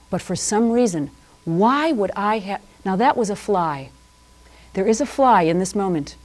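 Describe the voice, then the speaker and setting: A woman's voice: mid-range voice, darkish tone. A woman host performing a playful, rambling improvised comedy monologue in a TV studio. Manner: rambling, playful, free-associating. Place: public-access TV studio. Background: music.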